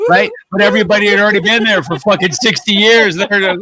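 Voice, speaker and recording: A man's voice: high voice, animated, quick pace, few pauses, a crowd in the background. A man hosting a live stream, bantering crudely with friends and swearing often. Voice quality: crude, profane, jokey banter. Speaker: host. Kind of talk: casual chat.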